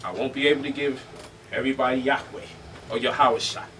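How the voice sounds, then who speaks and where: A man telling stories to a live audience in an animated, joking way, laughing often. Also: mid-range voice, fairly quick. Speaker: speaker. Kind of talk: storytelling lecture. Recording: distant mic with faint noise.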